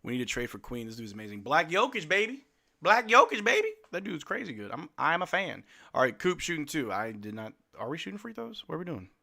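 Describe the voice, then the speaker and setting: A man hosting a live game watch-along, calling the plays in casual slang and shouting at the players. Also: fairly high pitch, fairly quick, vocal fry. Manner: animated, slangy, yells at players. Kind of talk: excited play-by-play fan commentary.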